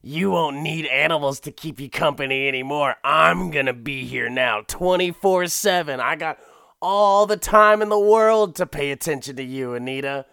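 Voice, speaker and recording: A man's voice: a little high, normal speed, creaky, pushed and bright, clean tone, dry recording, studio quality, pitched above the performer's own voice. A man putting on a grouchy retired old man who rants in a thin, strained voice pushed far above the speaker's own register. The tone is nasal and tight, with the grumbling of someone fed up with everything. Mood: cranky. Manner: ranting and grumbling. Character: grumpy retired old man, loud and cranky.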